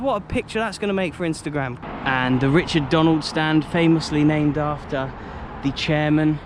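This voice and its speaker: A young man from Britain talks his way around a city stadium, chatty and enthusiastic, tossing in jokey asides as he walks. His voice sits a touch high. Traffic and outdoor ambience come through clearly behind him on the camera mic. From United Kingdom. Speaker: football travel vlogger. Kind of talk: walking vlog commentary. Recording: outdoor street noise.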